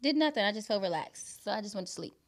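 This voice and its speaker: A woman's voice: medium pitch, lively intonation, quick pace. A woman guest, a musician and actress, joking and laughing in casual slangy talk. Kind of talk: casual chat.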